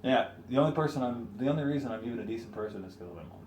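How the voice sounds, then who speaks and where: A man's voice: mid-range voice, racing, dull audio. Candid young man in an echoey room. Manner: candid, animated, laughing, swearing. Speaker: podcast co-host. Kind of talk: casual chat. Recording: echoey room with faint noise.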